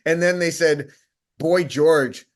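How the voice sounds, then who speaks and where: A man's voice: a little high, takes it slowly. A man co-hosting a casual chat, telling stories in a rambling way with many restarts. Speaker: co-host.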